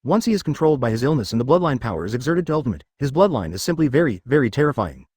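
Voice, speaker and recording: Male narrator for a web novel, rapid and rambling delivery, very dry close sound. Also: mid-range voice, big pitch swings, darkish tone, slightly rough, dry recording.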